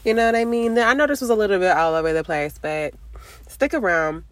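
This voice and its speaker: A woman's voice: mid-range voice, fairly quick, no echo. A woman in her twenties with a nasal, stuffy voice from a cold, rambling candidly in a casual confessional vlog. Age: 20s. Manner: rambling, filler-heavy, candid. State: congested, under the weather. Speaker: vlogger.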